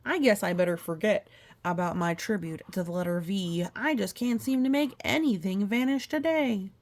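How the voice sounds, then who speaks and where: A woman's voice: medium pitch, normal speed, darkish tone, natural voice. A bungling showman magician, read by a woman. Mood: grandiose. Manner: grand, announcing. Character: showy male stage magician, bungling.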